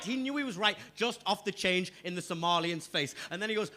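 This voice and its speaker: A man's voice: high-pitched, animated, fairly quick, few pauses, bright, forceful tone. A male stand-up comedian, doing a brash, sweary live set and talking straight to the crowd on a club stage. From Newcastle upon Tyne, England.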